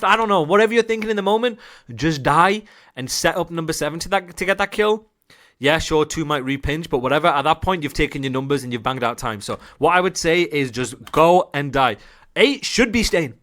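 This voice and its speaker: Excitable, fast-swearing male game coach. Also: fairly high pitch. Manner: excitable, repetitive, profane; laughs and jokes while analysing. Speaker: esports coach. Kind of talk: gameplay breakdown for viewers.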